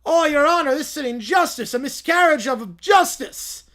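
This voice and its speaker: A man's voice: very high-pitched, lively intonation, moderate pace, a bit bright, voice pushed up. A man doing a whiny, self-pitying complainer with a mock Irish lilt. He pushes his voice well above his usual register and loads it with nasal, sobbing indignation, as if every slight were a courtroom outrage. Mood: whiny, indignant. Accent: fake Irish. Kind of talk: reading a story aloud, doing voices.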